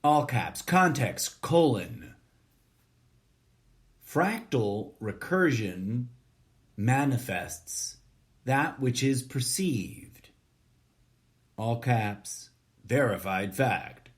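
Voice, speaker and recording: A man reads a short story aloud at an unhurried, drawn-out pace. His delivery is deadpan and deliberate, and he even speaks the formatting and punctuation. His voice sits at an ordinary middle pitch. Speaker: podcast host reading a short story.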